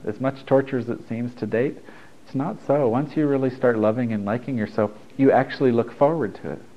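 A man's voice: mid-range voice, dull audio. Easygoing man giving a spiritual talk. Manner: loose, conversational, laughs and swears freely. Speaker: spiritual teacher. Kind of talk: informal spiritual talk to a group.

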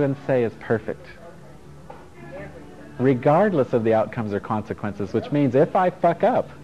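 Middle-aged male workshop teacher, frank, loose, swears easily, dull lo-fi sound with faint music behind. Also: medium pitch. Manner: frank and playful, swears and chuckles often. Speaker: self-help workshop teacher. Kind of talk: casual workshop talk to a group.

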